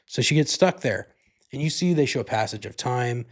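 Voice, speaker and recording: A man's voice: medium pitch, lively intonation, normal speed. A man hosting a podcast, giving a casual movie review in a rambling, profane way, full of "like" and "you know". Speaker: podcast host.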